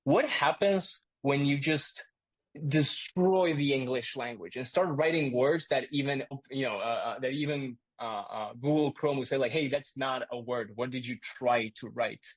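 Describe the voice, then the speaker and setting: A man hosting a live online class, explaining excitedly with lots of restarts and asides. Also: medium pitch, unhurried, breathy edge, no room sound. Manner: energetic, rambling, lots of restarts. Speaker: host and instructor. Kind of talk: live webinar teaching.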